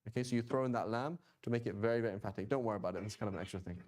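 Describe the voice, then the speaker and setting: A man's voice: lowish voice, fairly even intonation, rapid-fire, darkish tone. A man teaching a class in a casual, talkative way, often checking in with "right?" and "okay?" and adding joking asides. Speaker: Quranic Arabic teacher. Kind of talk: informal class lecture.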